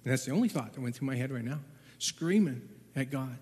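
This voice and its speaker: A man telling a personal testimony as a Bible translator, halting and repeating words, then growing urgent and loud at the tense parts. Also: mid-range voice, lively intonation, slightly rough, in a large hall.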